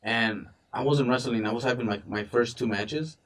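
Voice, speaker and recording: A man's voice: medium pitch, moderate pace, a bit bright, recorded from a distance. A young man in casual podcast chat, telling rambling stories with lots of swearing. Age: young adult. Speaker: podcast co-host.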